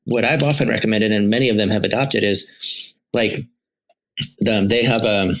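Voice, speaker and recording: A man's voice: fairly low pitch, fairly even intonation, normal speed, a bit bright, a little hiss or hum, low-quality recording. A man who is a therapist and podcast co-host, telling stories in a casual, rambling way, with lots of restarts. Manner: storytelling, many restarts and fillers.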